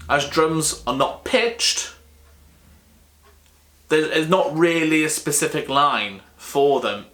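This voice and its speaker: A man explains drum notation at a slow, patient pace. His voice is bright and forward, and he says key words over and over to make each rhythm clear. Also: mid-range voice. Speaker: drum teacher. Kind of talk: relaxed music lesson.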